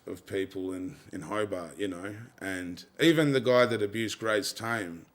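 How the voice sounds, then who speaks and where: A low-pitched man with an Australian accent speaks as an interview guest. His talk is loose and blunt, with swearing and constant "you know" fillers, in an easy conversational flow. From Tasmania, Australia.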